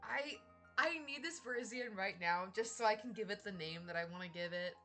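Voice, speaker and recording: A young woman streaming, chatting casually in an excitable, rambling way with lots of laughter. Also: medium pitch, brisk, soft background music. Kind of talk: casual live-stream chat.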